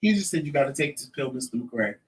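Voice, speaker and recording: A man's voice: mid-range voice, fast talker. Man in his fifties telling a story from a distance. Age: 50s. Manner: animated storyteller who acts out quoted dialogue. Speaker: vlog host. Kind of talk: casual storytelling chat.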